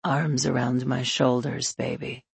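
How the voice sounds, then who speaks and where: A woman narrator voicing a big, tattooed blind man who speaks softly and tenderly, lowering her pitch. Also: steady tone, slow pace, creaky, breathy edge, no echo, exaggerated voice. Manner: soft and tender.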